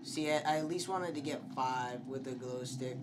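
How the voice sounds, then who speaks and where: A man's voice: medium pitch, normal speed, very noisy. A young man giving commentary on a horror game, swearing often and shrieking when scared. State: slightly sick. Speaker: gameplay streamer.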